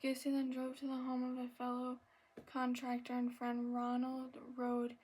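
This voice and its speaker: A woman reads aloud in a soft ASMR voice, breathy and a little out of breath. Her voice sits fairly high but stays flat and even, with few rises or falls. She trips over words, apologizes, and now and then sinks into a whisper. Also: normal speed. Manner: soft reading with stumbles and apologies, slipping into whispers. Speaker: ASMR channel host.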